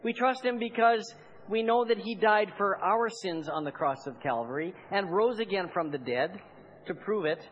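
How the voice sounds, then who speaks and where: A man's voice: sits high, animated, normal speed, breathy edge, muffled recording. A man preaching a sermon to his congregation as their pastor, calling on them to repeat after him and building to emphatic, repeated phrases. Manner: building to fervent, emphatic repetition; calls on the congregation to respond.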